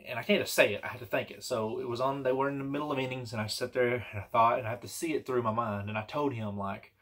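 A man's voice: mid-range voice, steady tone, fast talker, fairly bright tone. A man telling a personal story in a casual, rambling and earnest way, with many restarts and fillers. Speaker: vlogger telling personal stories.

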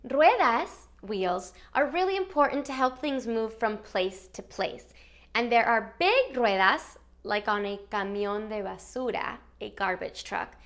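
Slow, lively woman teaching toddlers. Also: a little high, a little hiss or hum. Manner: cheerful, slow and sing-song, playful animal sounds. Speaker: children's Spanish teacher.

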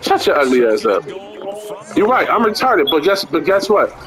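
High, lively man trash-talking. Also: moderate pace. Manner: taunting, mocking, profane, laughs a lot. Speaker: gamer streaming a football video game. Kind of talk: casual trash talk over a headset chat. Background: video game crowd and commentary.

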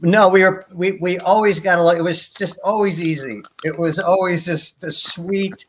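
A man's voice: high voice, steady tone, normal speed, slight background noise. An older man, a guest performer on a video call, telling anecdotes in a rambling way with many restarts. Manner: rambling, many restarts, laughs at own stories. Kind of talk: anecdotal storytelling.

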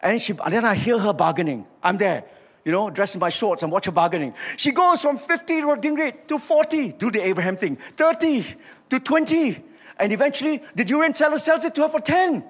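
A man's voice: very high voice, fairly quick, slightly rough. An older man with a Malaysian English accent preaching a sermon, acting out dialogue and calling on the congregation to respond. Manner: animated storytelling, acts out dialogue, asks congregation to respond. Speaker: pastor. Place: large church auditorium. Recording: reverberant church hall.

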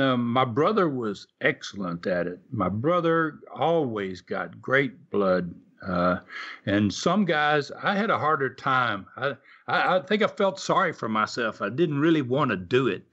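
A man's voice: medium pitch, very animated, measured pace, a bit bright. Older guy spinning wrestling yarns, lots of uh and restarts, kinda dull lo-fi sound. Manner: folksy, rambling, with many fillers and restarts. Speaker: wrestling guest. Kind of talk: casual storytelling interview. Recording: slightly dull lo-fi audio.

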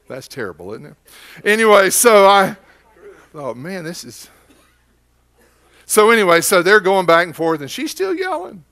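A man's voice: sits high, big pitch swings, normal speed, gravelly, long pauses, pushed and bright. A man with an Oklahoma accent preaching a sermon as pastor, telling stories in a folksy, conversational way.

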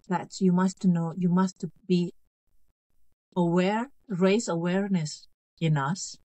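A woman in her fifties raised in North Korea, a guest author in an interview, speaking in a halting, earnest way, repeating phrases and checking she is understood. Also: lowish voice, warm tone, dry recording, low-quality recording. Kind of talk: interview conversation.

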